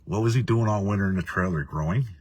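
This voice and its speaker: A man's voice: sits low, fast talker, a little mellow, husky, dry recording. A man hosting a casual live stream, rambling and profane, reading viewer comments and laughing often. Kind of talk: casual ranting live chat.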